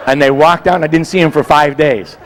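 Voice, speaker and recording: A man's voice: a little high, fairly even intonation, fairly quick, long reverb tail, very noisy. A man in his sixties telling a long, rambling anecdote, acting out voices and sounds as he digresses. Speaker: guest storyteller.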